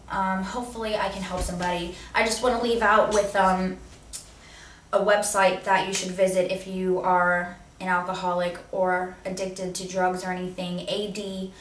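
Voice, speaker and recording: A woman's voice: medium pitch, fairly bright tone. Young woman host, heartfelt vlog talk, mid-range voice, distant echoey camera audio. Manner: earnest and heartfelt. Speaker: vlogger host. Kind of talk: personal video message. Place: seated indoors. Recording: roomy echo, distant mic, faint room noise.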